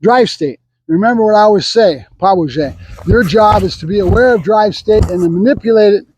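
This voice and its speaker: A man's voice: high-pitched, a little mellow, slightly rough, no room sound, low-quality recording. A man who trains dogs, talking casually outdoors about training his dog and giving it commands in French. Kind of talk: casual training vlog talk. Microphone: camera set up on his own.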